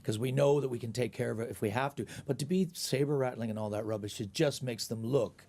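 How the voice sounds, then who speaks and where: A man's voice: mid-range voice, fast talker, a little mellow. A man in casual chat, agreeing often and giving reflective opinions. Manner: agreeable, frequent yeahs, reflective. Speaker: comedian guest.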